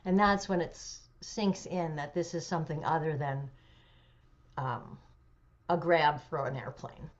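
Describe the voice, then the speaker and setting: A woman in her seventies speaks with a somewhat low voice as an interview guest. She tells her story with animation, pausing and using fillers, and the recording sounds dull and lo-fi. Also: fairly even intonation. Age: 70s. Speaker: interview guest, memoir author. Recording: dull lo-fi audio.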